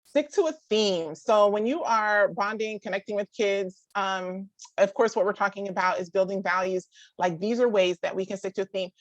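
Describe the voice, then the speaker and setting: A woman's voice: mid-range voice, no echo, lo-fi sound. A woman in her thirties speaking casually to a group about parenting. She often says "like", restarts her sentences and laughs now and then. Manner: chatty, full of "like" and quick restarts; laughs often and acts out others' voices. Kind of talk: casual talk to a live group.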